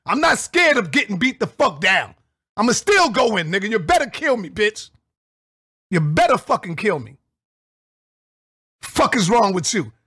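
High-voiced man ranting angrily. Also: husky, dry recording, clean studio sound. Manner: confrontational, profane, shouting bursts. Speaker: vlogger. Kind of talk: angry call-out rant.

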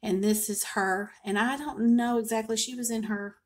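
An older woman, a home cooking vlogger chatting and telling a family story to camera in a folksy, expressive way. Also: a little high, normal speed.

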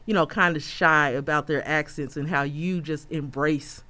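A woman's voice: low-pitched, steady tone, moderate pace, sharp tone. A woman hosting a casual podcast interview, friendly and encouraging, with frequent affirmations. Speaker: podcast host.

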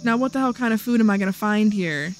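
A woman's voice: medium pitch, lively intonation, fast, soft background music. A woman hosting a casual let's-play video, chatting playfully to herself as she plays. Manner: playful, chatty, talks to herself while playing. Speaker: gaming video host.

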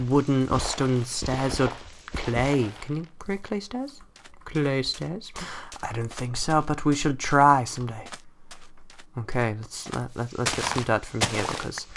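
A young man giving excitable, chatty commentary on a game he is playing, often exclaiming and talking to creatures in it. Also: medium pitch. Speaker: gameplay commentator. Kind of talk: casual let's-play commentary. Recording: faint background hiss and typing clicks.

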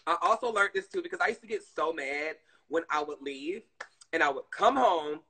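A woman chatting casually on her live stream, animated and swearing freely, calling her viewers "girl". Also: low-pitched, normal speed, breathy edge, poor audio.

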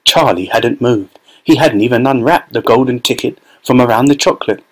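A man narrating a children's novel as an audiobook in a steady, expressive storytelling voice. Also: mid-range voice, normal speed, low-quality recording. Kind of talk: scripted narration.

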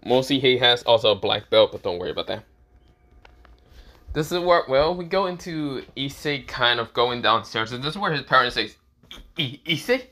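A man's voice: mid-range voice, animated, normal speed, pushed and bright. A man casually retelling a fan story, rambling and swearing, laughing at his own lines.

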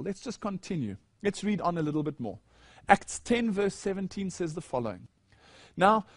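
High-voiced male preacher, dry sound. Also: darkish tone, no room sound. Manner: questioning the audience and reading scripture aloud. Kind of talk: sermon. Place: church.

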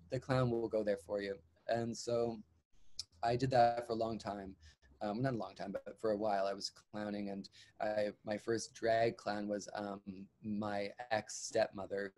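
A Canadian man who performs as a drag clown tells his own story candidly in an interview, earnest and reflective, leaning on emphatic repeated phrasing. His voice is lowish with a darkish tone.

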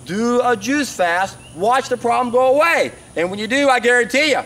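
A man's voice: very high-pitched, lively intonation, normal speed, pushed and bright, far from the mic. A man in his sixties speaking in a passionate, rambling vlog monologue with frequent fillers. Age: 60s. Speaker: natural health advocate.

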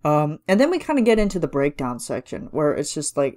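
This woman's low, warm voice is very animated and brisk, with few pauses, as she reviews a cover song on her solo podcast at home. She gushes and chats with plenty of fillers, sometimes singing lyric snippets.

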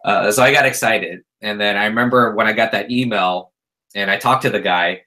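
A man in his thirties, a guest artist on a podcast, telling stories in a relaxed, chatty way with plenty of fillers. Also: fairly low pitch, a little fast, poor audio. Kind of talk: casual podcast chat.

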